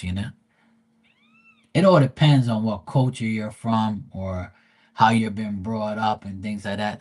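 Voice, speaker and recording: A man hosting a livestream, telling rambling family stories in a blunt, teasing way and swearing freely. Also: fairly low pitch. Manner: rambling with many fillers and asides. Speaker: tarot reader and livestream host. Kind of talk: casual storytelling.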